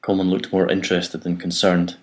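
A man narrating an audiobook in an even, measured reading. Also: deep voice.

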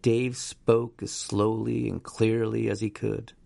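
Man, story narration, low pitch, dry close sound. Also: little pitch movement, takes it slowly, vocal fry, mellow, no room sound. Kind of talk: audiobook narration.

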